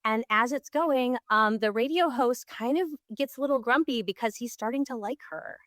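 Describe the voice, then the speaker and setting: A woman's voice: on the high side, normal speed, fairly bright tone, no room sound, clean studio sound. Earnest, enthusiastic woman shop owner. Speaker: bookstore owner, radio guest. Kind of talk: radio interview answers.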